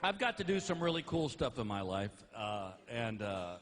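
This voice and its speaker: A middle-aged man doing a stand-up comedy routine, telling stories animatedly and jumping into high put-on voices for others. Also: moderate pace. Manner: animated storytelling with high-pitched put-on voices for wife and dog. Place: large theater stage with a laughing audience. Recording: live concert recording with audience noise.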